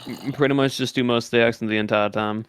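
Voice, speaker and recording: A male streamer chatting loosely on stream, full of fillers, now and then stretching words into a lazy put-on Southern drawl. His desk mic squeezes the sound flat, so he comes across fairly monotone. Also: medium pitch, fast, smooth. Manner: rambling, many fillers, explains things loosely. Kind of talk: casual stream chat. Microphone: desk microphone with built-in compression.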